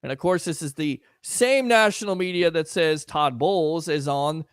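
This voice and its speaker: A man's voice: a little high, normal speed, clear, resonant tone, dry recording, clean studio sound. A man hosting a casual sports talk show, riffing sarcastically and chatting with listeners.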